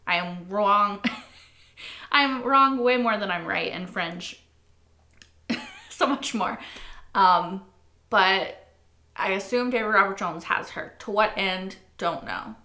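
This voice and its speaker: Reaction host, woman, mid pitch, bright edge; animated, swearing, looping phrases; echoey room sound. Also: takes it slowly. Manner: animated, swears a lot, repeats phrases in frustration. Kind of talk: casual reaction commentary. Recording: roomy echo.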